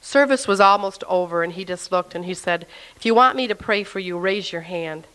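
A woman giving a personal faith testimony in a lively, chatty storytelling way, acting out her own past words. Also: fairly low pitch, brisk.

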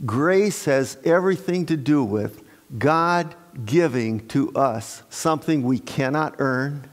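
Folksy preacher guy, kinda high voice, church reverb ringing on everything. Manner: unhurried, folksy preaching with many restarts and fillers; joking asides to the congregation. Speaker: pastor. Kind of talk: Sunday sermon. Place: church sanctuary. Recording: long church-hall reverb.

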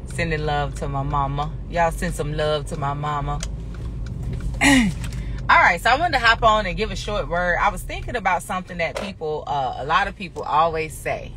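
A woman teaching spiritual lessons on a casual phone live stream, with a bright, forward voice. She talks in a folksy, chatty way, calling her listeners honey and y'all. A faint hiss of noise sits behind her. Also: deep voice, normal speed.

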